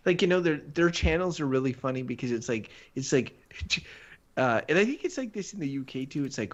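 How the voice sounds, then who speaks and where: A Canadian man chatting casually on a podcast livestream. He rambles, laughs often and slips into quick voices when he tells a story. The sound is a little dull and lo-fi. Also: medium pitch, animated. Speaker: podcast co-host. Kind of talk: casual chat.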